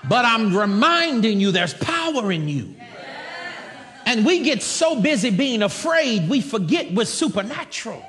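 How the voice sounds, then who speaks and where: An American man preaching a sermon with emphatic delivery that breaks into shouts and laughter. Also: extremely high pitch, sing-song, a little slow, long reverb tail. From United States.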